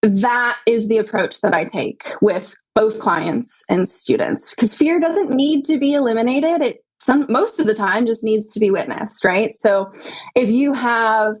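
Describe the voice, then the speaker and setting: A woman's voice: a little high, measured pace, slightly rough, poor audio. A woman talking as a podcast guest, a yoga teacher and doula, speaking earnestly and reflectively and often ending thoughts with tag questions. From United States. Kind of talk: conversational interview.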